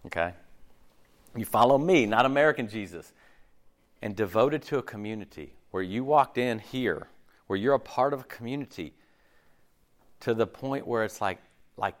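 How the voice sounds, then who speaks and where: A man preaching a sermon, animated, acting out quoted voices and often checking in with "okay?". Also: lowish voice. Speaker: pastor. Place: church.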